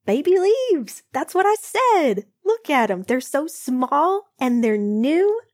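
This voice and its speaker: A woman voicing an excitable young man, showing off a plant on a livestream with big playful gestures. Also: high-pitched, takes it slowly, no echo, studio quality, voice pushed up, full character voice. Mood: gushing. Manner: animated, playful, over-the-top enthusiasm. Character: young man, hockey player, proud plant lover.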